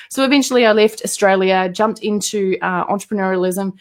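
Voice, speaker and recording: Female guest with a New Zealand accent, mid-pitched, chatty and animated, casual storytelling. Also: a little fast, few pauses. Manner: chatty and animated, with many fillers and restarts. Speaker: entrepreneur guest.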